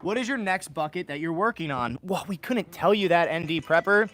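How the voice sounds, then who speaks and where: A man's voice: a little high, fairly quick, a bit bright, roomy sound, slight background noise. A man co-hosting a company livestream, chatting loosely with viewers and joking with his co-host. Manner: loose, joking, talks to chat, says dude. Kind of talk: casual livestream chat.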